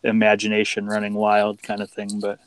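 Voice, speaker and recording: Rambling low-voiced man in his thirties. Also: completely flat delivery, a little fast. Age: 30s. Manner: rambling, hesitant, many fillers. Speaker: stream guest. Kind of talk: casual live-stream chat.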